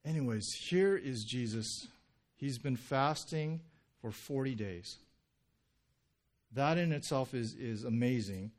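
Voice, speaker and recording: A male pastor giving a sermon in a relaxed, conversational way, often checking in with "right?" and telling stories with acted quotes. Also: medium pitch, takes it slowly, long pauses. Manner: conversational, frequent "right?" and "like" asides.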